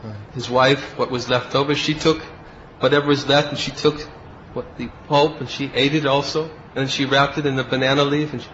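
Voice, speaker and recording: A male spiritual teacher runs a devotional class, carrying a story through start to finish while voicing the people in it. His pitch is mid-range with little movement, and he talks a little fast, barely pausing, in a slightly bright tone. There's a faint hiss under the dull, lo-fi recording.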